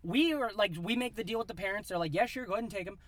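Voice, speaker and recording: A man in his thirties from Iowa, telling a rambling, animated story in a casual chat. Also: high voice, rapid-fire. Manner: animated, rambling, acts out voices in quotes.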